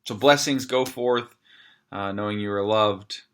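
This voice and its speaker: A pastor talks to the camera in a loose, chatty devotional, his voice sitting a little low. He rambles, restarts sentences and fills pauses with "um" as he works through his point. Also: a bit bright, smooth. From United States. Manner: conversational, rambling with many fillers and restarts. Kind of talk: casual video devotional.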